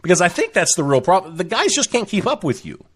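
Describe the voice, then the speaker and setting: Eager, halting male talk-show host. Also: high-pitched, very animated, husky. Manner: eager, halting with many restarts. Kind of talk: casual interview chat.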